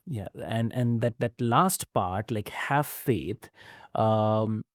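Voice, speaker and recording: A man's voice: on the low side, dry recording, clean studio sound. Attentive male podcast host. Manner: attentive, frequent hums of agreement, halting questions. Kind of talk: podcast interview.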